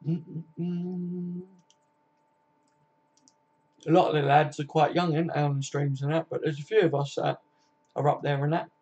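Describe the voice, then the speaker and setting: A man's voice: on the high side, level tone, unhurried, pauses often, a little mellow, slightly rough. A man, chatting casually on a live stream. He reads out viewers' comments and answers them by name, swearing freely in a laid-back, matey way. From Kent, England. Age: 20s. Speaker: football fan live streamer. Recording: dull lo-fi stream audio.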